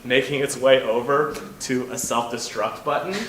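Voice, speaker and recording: A man's voice: medium pitch, fairly even intonation, moderate pace, a loud crowd. A man telling a long story as a panel guest at a convention, rambling with lots of fillers and restarts. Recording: echoey hall from far off, noisy.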